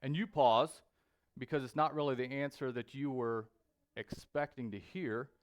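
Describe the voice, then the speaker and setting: A man preaching a sermon in a church, speaking deliberately with frequent pauses and fillers. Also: mid-range voice. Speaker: pastor. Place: church sanctuary.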